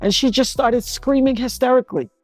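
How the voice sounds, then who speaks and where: A middle-aged woman from New York City recounting being shot, in an animated, emotional storytelling manner full of restarts. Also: high voice, fairly quick, soft background music. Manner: animated, acts out others' voices, frequent restarts. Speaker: interviewee recounting a shooting.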